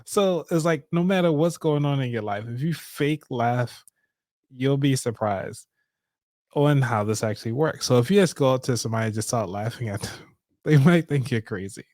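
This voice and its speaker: A man's voice: medium pitch, expressive, a little fast, darkish tone, no room sound, clean studio sound. A man hosting a live show, talking casually and upbeat, breaking into laughter often. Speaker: show host. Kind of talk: casual live-stream talk.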